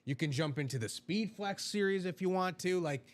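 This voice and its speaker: A man co-hosting a live sales stream, explaining the offers in a casual way with some filler pauses. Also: high-pitched, animated. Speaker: co-host.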